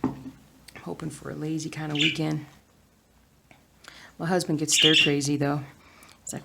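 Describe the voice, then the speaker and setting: Woman vlogger, low gravelly voice, quiet rambling stitch-along chat, noisy home recording. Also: normal speed, pauses often. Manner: soft-spoken, drifting asides, often half-whispered. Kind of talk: casual chat while stitching. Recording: steady background noise.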